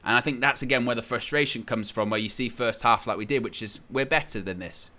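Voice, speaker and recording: A man hosting a live football watchalong, calling the play, surging loud at goals and then breaking it down calmly, reading viewers' chat aloud. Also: medium pitch, fast talker. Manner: excitable, surges loud at goals, then calm analysis. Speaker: watchalong host. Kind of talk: live match watchalong commentary.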